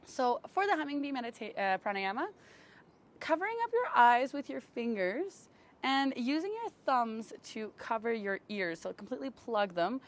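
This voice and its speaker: Female yoga teacher, a little high-pitched, soft and slow guided instruction, outdoor camera-mic sound. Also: big pitch swings. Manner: slow, gentle, soothing cues. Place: outdoors in bright sun.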